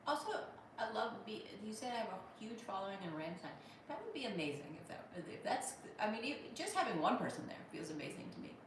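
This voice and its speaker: A woman's voice: mid-range voice, sing-song, a little fast, distant mic. A chatty woman comedian hosts a casual livestream, rambling between viewer comments. Her voice sits back from the mic in a very echoey room. A faint hum runs underneath. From Pittsburgh. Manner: chatty and rambling, with many restarts. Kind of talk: casual live chat, reading viewer comments aloud.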